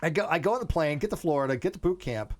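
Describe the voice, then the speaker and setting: A man's voice: on the high side, racing. A man hosting a casual live online chat, talking animatedly and often restarting his sentences. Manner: animated, repeats words when starting sentences. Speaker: host; military veteran.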